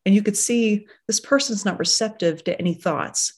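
A woman's voice: medium pitch, normal speed, a little mellow, breathy edge. A woman surgeon and coach presenting a webinar, talking through slides in a reflective, conversational way with many fillers.

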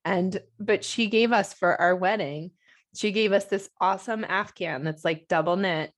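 A woman's voice: mid-range voice, normal speed. A woman co-hosting a podcast as a homeschooling parent, telling a rambling story in casual chat with lots of filler words. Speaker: podcast co-host.

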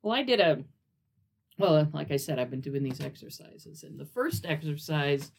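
A woman's voice: deep voice, very animated, moderate pace, vocal fry, darkish tone. A woman co-hosting a podcast, explaining a writing exercise step by step in a chatty way. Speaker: podcast co-host. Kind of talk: casual chat.

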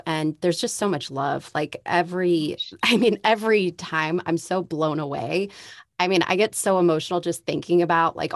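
A woman's voice: fairly low pitch, dry recording, studio quality. A woman hosting a podcast interview, effusive and openly emotional, laughing often. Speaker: podcast host.

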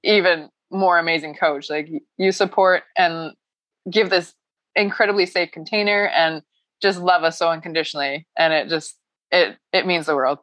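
A woman's voice: fairly low pitch, steady tone, normal speed, fairly bright tone, no room sound, muffled recording. A woman talking about her personal growth as a coaching client, emotional and laughing often as she rambles. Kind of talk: casual heartfelt chat.

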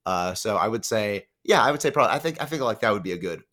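A man's voice: lowish voice, expressive, fast, fairly bright tone. A male voice actor being interviewed, talking casually in a rambling way, stammering and restarting his sentences. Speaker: voice actor guest.

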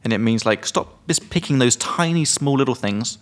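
A man's voice: medium pitch, animated, normal speed. A man co-hosting a podcast as an English teacher, explaining slang casually with examples and swearing. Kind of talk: casual chat.

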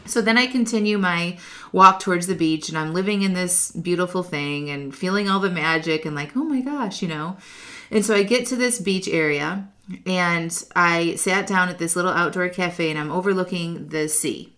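A woman's voice: fairly low pitch, moderate pace, bright, forceful tone. A woman life coach telling a personal story in a casual, heartfelt monologue, talking straight to her listeners with plenty of fillers. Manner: chatty, heartfelt, many "like" fillers; addresses listeners directly.

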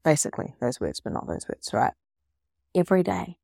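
A woman's voice: low-pitched, moderate pace, vocal fry, no echo. Woman, middle-aged, spiritual coach, emphatic monologue, dry close sound. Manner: expressive, emphatic, acts out quoted friends. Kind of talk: casual motivational monologue.

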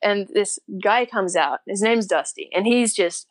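A woman's voice: medium pitch, a little slow, dry recording. A young Australian woman telling a story in a casual interview, chatty, with frequent laughs and fillers. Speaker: guest.

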